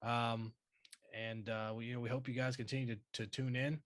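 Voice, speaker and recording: A man and military veteran hosting a casual podcast chat, relaxed and cursing often with plenty of fillers. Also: medium pitch, moderate pace, dry recording.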